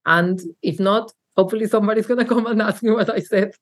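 A woman's voice: medium pitch, fast. Mexican-accented woman speaking earnestly. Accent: Mexican Spanish. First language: Spanish. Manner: earnest, reflective, with frequent fillers and restarts. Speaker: marketing executive guest. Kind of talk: candid interview conversation.

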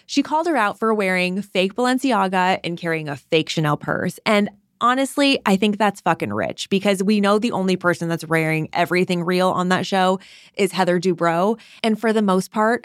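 A young woman hosting a podcast, chatting casually in an opinionated, gossipy way and swooping up in pitch for emphasis. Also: no room sound, studio quality. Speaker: podcast host. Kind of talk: casual solo podcast chat.

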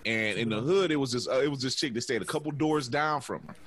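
A man's voice: mid-range voice, fast. A man from Ohio, a podcast co-host, telling a story in casual chat and acting out the quotes. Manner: animated storyteller, acts out quotes.

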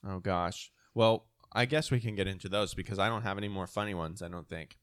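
A man co-hosting a casual chat at home, talking loudly and excitedly and laughing often. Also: sits low, fairly quick, dry recording, studio quality. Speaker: podcast co-host. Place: home during quarantine.

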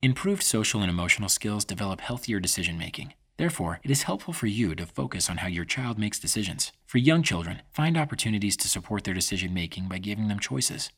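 A man reading scripted informational narration about parenting in a measured, even tone. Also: on the low side, slightly rough.

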